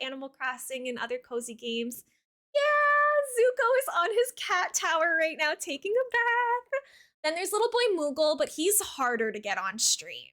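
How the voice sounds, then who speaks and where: Young woman streamer, high lively voice, gushing and sweet, casual game-stream chatter. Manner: bubbly, gushing, talks sweetly to her cat and chat. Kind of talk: casual live-stream chat.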